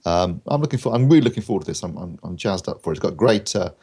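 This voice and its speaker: A man's voice: low-pitched, expressive, rapid-fire, a little mellow, slightly rough. A man chatting enthusiastically on a podcast, rambling through his thoughts. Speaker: podcast co-host, reviewer. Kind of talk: casual chat.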